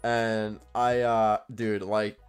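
A man's voice: lowish voice, flat delivery, very slow, smooth, soft background music. A young man co-hosting a podcast, chatting casually in a rambling, profane way with lots of fillers. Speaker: podcast co-host. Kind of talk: casual chat.

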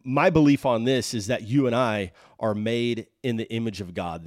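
A man's voice: lowish voice, a little mellow, dry recording, clean studio sound. A man hosting a leadership podcast, giving an earnest, faith-based motivational talk. He speaks emphatically, building through chains of rhetorical questions. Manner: reads scripture aloud in a measured cadence.

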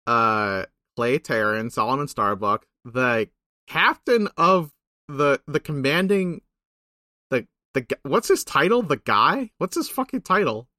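A young man co-hosting a podcast, recapping a video game in casual, rambling chat with swearing and quick asides. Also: mid-range voice, big pitch swings, pushed and bright, no room sound, clean studio sound. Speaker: podcast co-host.

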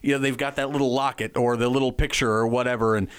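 A man from Nebraska hosts a radio interview in a middle-pitched voice. He talks casually and a little loosely, circling back and restarting his sentences. The tone is friendly and conversational. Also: fairly even intonation, fast, clear, resonant tone. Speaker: radio host.

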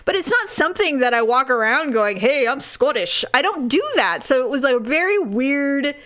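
A woman in her forties telling a story in casual chat, animated and laughing often. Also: high voice, normal speed.

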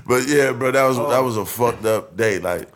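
A man's voice: mid-range voice, normal speed. A man in casual podcast chat, telling a story with heavy slang, acting out voices and laughing often.

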